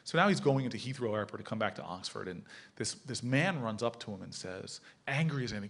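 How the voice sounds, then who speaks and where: A man telling a story to an audience at a panel event, acting out shouted lines. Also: medium pitch, moderate pace, vocal fry. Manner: animated, acts out shouting quotes. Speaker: panel speaker. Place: lecture hall with audience.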